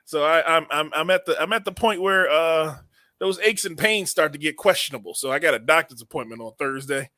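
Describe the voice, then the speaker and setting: A man in his late thirties rambles through a casual comedic podcast chat, repeating words and laughing often. His voice is bright and a little high, recorded close and dry. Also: fairly quick, dry recording. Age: 30s. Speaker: podcast co-host.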